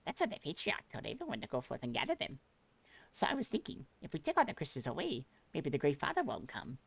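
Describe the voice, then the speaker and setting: A man's voice: a little high, huge pitch swings, fast, creaky, husky, full character voice. A man voicing a timid, pleading little male kobold in a game, with an odd put-on accent and repeated words. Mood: eager. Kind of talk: reading game dialogue aloud.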